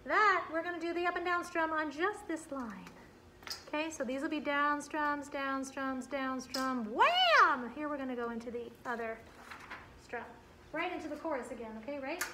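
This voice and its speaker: High-voiced upbeat woman music teacher. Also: moderate pace, noisy background. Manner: upbeat and encouraging, counts in and explains strums step by step. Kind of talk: group guitar lesson. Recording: roomy sound with guitar playing.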